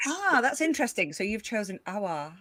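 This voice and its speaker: A young British woman hosting a livestream chat show, chatty and quick to giggle at herself. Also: medium pitch, sing-song, pushed and bright, dry recording. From Britain. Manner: chatty, giggly, self-mocking. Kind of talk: casual chat.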